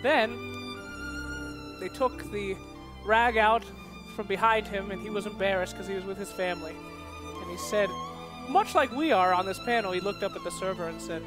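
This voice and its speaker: A woman's voice: mid-range voice, huge pitch swings, normal speed, pauses often, over music. A woman on an esports panel, telling a funny work story in a playful, giggly way. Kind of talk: casual chat.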